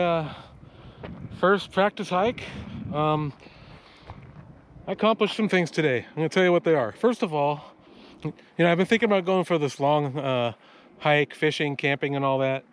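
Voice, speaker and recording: A man's voice: on the high side, normal speed, slight background noise. A man out of breath, chatting casually to the camera while he hikes uphill outdoors on a trail. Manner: chatty, self-talking while walking uphill. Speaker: outdoor vlogger. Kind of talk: casual hiking vlog.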